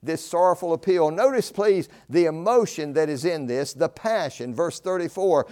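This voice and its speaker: An older man preaching a fervent sermon, swinging between loud declaring and low, slow emphasis. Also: lively intonation.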